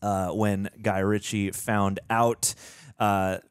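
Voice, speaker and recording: A man's voice: fairly low pitch, level tone, slow pace, smooth, dry recording, clean studio sound. A young man co-hosting a movie reaction, chatting casually, reading trivia aloud with many fillers and restarts.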